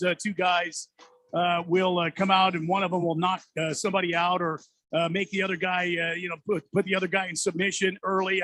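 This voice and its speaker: A man hosting a sports radio show, chatting casually and reading ads with many halting fillers. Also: high voice, pushed and bright. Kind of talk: casual radio talk with live ad reads. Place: radio studio. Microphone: studio mic.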